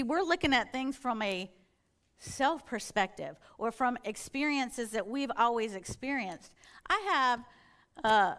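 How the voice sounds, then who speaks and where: A woman's voice: mid-range voice, fairly bright tone. A middle-aged woman, a church elder, giving an earnest sermon-style testimony and acting out her own inner dialogue as she tells her story.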